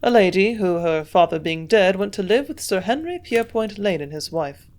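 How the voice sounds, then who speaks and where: A woman's voice: medium pitch, animated, moderate pace, darkish tone, natural voice. A woman voicing a curious young male doctor who keeps pressing with questions, in her own everyday voice. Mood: questioning.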